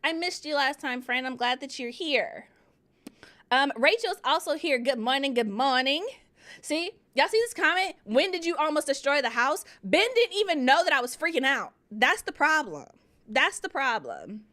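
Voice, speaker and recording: A woman hosting a writing livestream, chatting casually, telling animated stories and reading chat comments aloud. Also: high-pitched, moderate pace. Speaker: livestream host of writing sprints.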